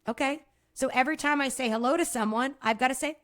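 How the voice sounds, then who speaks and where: A middle-aged woman hosts her own podcast and explains movement therapy in an energetic, casual monologue. She swears freely and laughs at her own slips. Her voice sits a little high and sounds close and dry. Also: normal speed, no echo.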